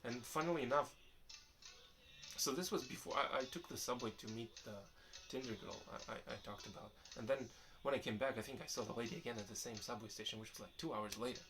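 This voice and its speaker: This vlogger talks quickly in a mid-range voice, with faint music playing behind him. Responding casually to viewer questions, the young man rambles, keeps restarting sentences, and sounds easygoing and open.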